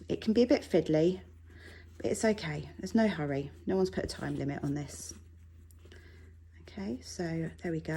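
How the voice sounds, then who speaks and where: A woman with a low, mellow voice and a breathy edge chats as she sews in her home sewing room, teaching a relaxed tutorial. She's reassuring and talkative, with self-deprecating asides.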